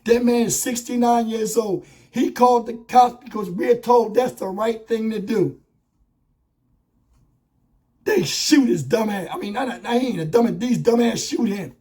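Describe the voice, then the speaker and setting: A man with a hoarse voice giving a blunt, profane, impassioned commentary on a video. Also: high voice, unhurried, warm tone. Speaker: YouTube commentator. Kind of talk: angry commentary vlog. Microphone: wireless lavalier.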